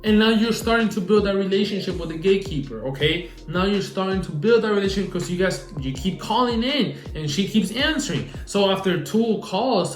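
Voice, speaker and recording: Animated young man giving sales advice. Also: high voice, echoey room. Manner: animated, repeats himself, acts out phone calls. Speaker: social media marketing coach. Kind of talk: casual advice vlog.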